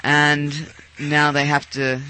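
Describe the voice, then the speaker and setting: Bright-voiced playful male host. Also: fairly high pitch, completely flat delivery, slow, slight background noise, poor audio. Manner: playful, teasing. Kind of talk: casual call-in chat. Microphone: studio mic.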